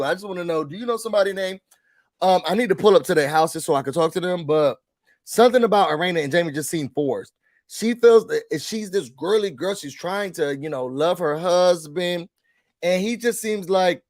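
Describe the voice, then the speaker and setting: Casting: man, high voice, dry close sound, animated show-review rant. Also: no echo. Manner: animated, exasperated, talks straight to the people on the show; mimics the show's people in quick put-on voices. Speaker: reality TV reviewer. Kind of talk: casual rant to camera.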